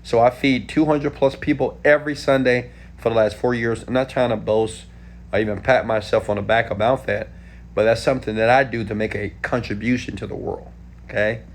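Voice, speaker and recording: A man in his thirties from Houston, Texas, answering viewer questions in a casual live stream, animated and talking straight to viewers. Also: mid-range voice, a little fast, slight background noise. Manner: animated, talks straight to viewers with frequent "okay?".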